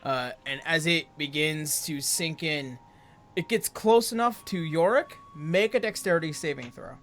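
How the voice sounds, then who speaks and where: Guy gm-ing a tabletop game, kinda high voice, rambly, lots of uhs. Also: unhurried, a bit bright. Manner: rambling, many fillers. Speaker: game master.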